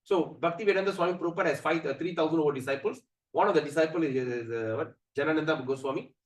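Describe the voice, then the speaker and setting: A man giving a scripture class, chanting verses slowly and then explaining them animatedly with many fillers. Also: a little high. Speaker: spiritual teacher. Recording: echoey room, mic at a distance.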